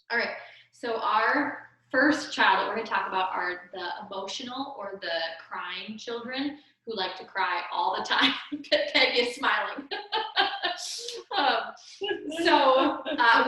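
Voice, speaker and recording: A young woman talks church volunteers through classroom tips in a loose, chatty way, with lots of fillers and frequent laughter. Her voice is bright and forward. She is picked up from a distance in a very echoey room. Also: a little high. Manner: chatty, animated, laughs often, many fillers. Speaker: children's ministry trainer. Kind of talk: casual training talk.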